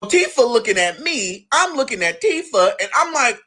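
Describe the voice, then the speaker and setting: A young man casually telling a long family story, animated and quick to act out what each relative said. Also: very high voice. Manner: animated, acts out family members' lines in his own voice. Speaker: guest telling his story.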